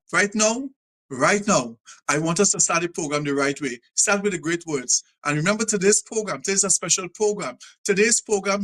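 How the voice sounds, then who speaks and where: A man's voice: sits high, bright, forceful tone. A Trinidadian man hosting a live talk show, repeating himself as he rouses his audience to love their country. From Trinidad and Tobago. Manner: preachy, repetitive, rousing the audience.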